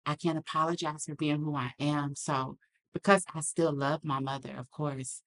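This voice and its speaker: Woman guest, deep voice for her sex, earnest reflective storyteller. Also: steady tone, normal speed, a bit bright. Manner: earnest, reflective, acts out quoted lines. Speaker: podcast guest. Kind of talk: candid personal storytelling.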